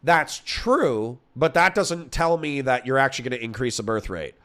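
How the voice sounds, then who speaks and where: A young man arguing bluntly and profanely in a heated online debate, reading out points and rebutting them quickly. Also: mid-range voice, animated, bright, forceful tone. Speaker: debater and streamer.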